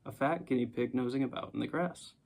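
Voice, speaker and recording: Gravelly-voiced male storybook narrator. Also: mid-range voice, brisk, darkish tone. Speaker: audiobook narrator.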